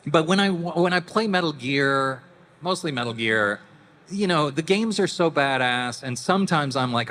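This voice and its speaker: Lively middle-aged man in an echoing hall. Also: medium pitch, moderate pace. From Canada. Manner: animated, laughs, acts out voices in anecdotes. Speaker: convention panel guest. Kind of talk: casual storytelling to an audience. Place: large convention hall. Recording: reverberant hall with faint noise.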